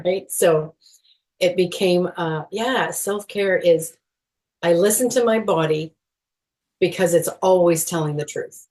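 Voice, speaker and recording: Earnest middle-aged woman, lowish voice. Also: slow. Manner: earnest, animated, laughs often, many fillers. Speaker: guest, movement educator. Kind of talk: podcast interview.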